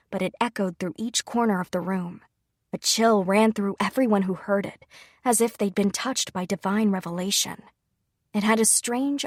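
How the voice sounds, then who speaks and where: A woman reading a first-person novel aloud in an even, measured narration. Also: mid-range voice, no echo, studio quality. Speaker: audiobook narrator.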